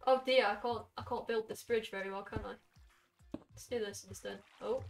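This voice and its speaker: A young woman streaming from her bedroom, chatting excitedly and gushing to her viewers. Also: on the high side, moderate pace, gravelly, soft background music. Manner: excitable, gushing, talks to chat. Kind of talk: casual live-stream chat.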